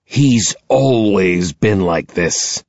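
A man's voice: sits low, lively intonation, very slow, vocal fry, a little mellow, no echo, lo-fi sound, exaggerated voice. A man voicing a tired, irritable father in an audiobook, curt and weary.

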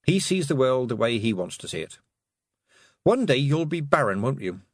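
A man voicing a calm, firm young girl witch who speaks in a measured way. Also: medium pitch, dry recording, clean studio sound, pitched above the performer's own voice.

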